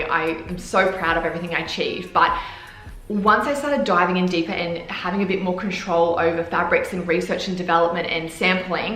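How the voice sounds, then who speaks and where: A woman talking excitedly to camera in a casual vlog about launching her clothing brand. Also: on the low side, reverberant, rough recording. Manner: gushing, excitable. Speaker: fitness clothing brand founder.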